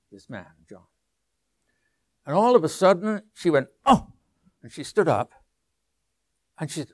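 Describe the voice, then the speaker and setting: An older man preaching a sermon, telling a story with asides and restarts, sometimes dropping to a soft low voice. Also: no echo. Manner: anecdotal, with asides and restarts, drops to a soft low voice on quiet lines.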